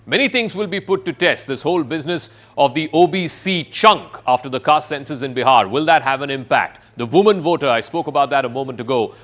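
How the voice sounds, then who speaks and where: A man anchoring a live studio news broadcast, brisk and questioning as he introduces guests. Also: on the high side, lively intonation, fairly bright tone.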